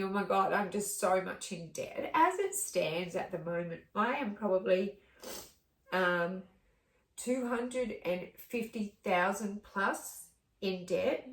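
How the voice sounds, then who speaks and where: A middle-aged woman talking through her life in a rambling, heartfelt way, with many fillers, in a casual vlog. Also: mid-range voice. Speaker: vlogger. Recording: echoey room, distant mic.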